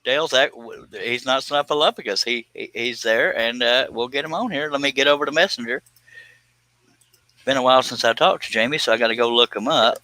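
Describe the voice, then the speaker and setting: A man's voice: mid-range voice, brisk, pushed and bright, no echo. A man hosting a live stream in casual chat, joking and laughing often with folksy oaths. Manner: jokey, laughs a lot, folksy swearing.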